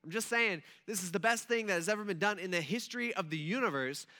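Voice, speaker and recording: A man's voice: high voice, fast, sharp tone. A male pastor preaching a casual, conversational sermon who acts out the scenes he describes.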